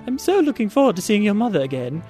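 A man putting on a haughty elderly aristocratic dowager with an upper-class British accent, withering and shrill. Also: sing-song, quick pace, warm tone, faint music behind. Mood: withering disdain. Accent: put-on upper-class British.

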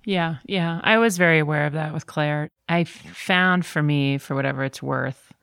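A middle-aged woman talking candidly in a podcast conversation, telling stories with lively quoted voices. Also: low-pitched, normal speed, gravelly, smooth, dry recording, studio quality.

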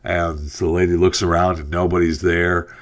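A man's voice: low voice, moderate pace. A man hosting a radio talk show, chatting casually and telling a joke with lots of fillers. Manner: relaxed, rambling, frequent fillers.

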